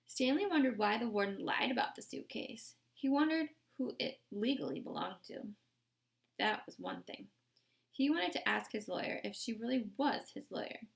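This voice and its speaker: Woman reader with heavy vocal fry. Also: mid-range voice, normal speed. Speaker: audiobook reader. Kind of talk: reading a novel aloud.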